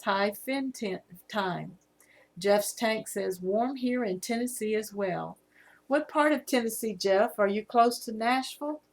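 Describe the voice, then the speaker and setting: A woman in her fifties with a Southern US accent, casually chatting on a live stream and reading viewer comments aloud. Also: mid-range voice. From Virginia, USA. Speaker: livestream host.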